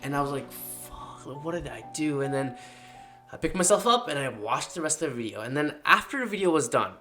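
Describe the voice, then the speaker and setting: Slangy, animated man telling a story. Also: on the high side, fast, soft background music. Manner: animated, slangy, dramatic retelling. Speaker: freelance marketing creator. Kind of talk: casual storytelling vlog.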